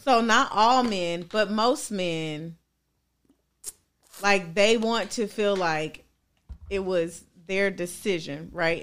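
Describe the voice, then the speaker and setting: Argumentative young woman, low voice. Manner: argumentative, explains at length. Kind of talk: casual group chat.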